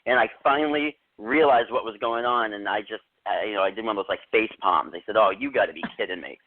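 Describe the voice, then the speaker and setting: A man's voice: lowish voice, steady tone, quick pace. A man in his forties, a guest author, telling anecdotes in casual interview chat on a phone headset with a tinny sound. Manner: chatty, anecdotal. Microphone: Bluetooth headset on a phone call.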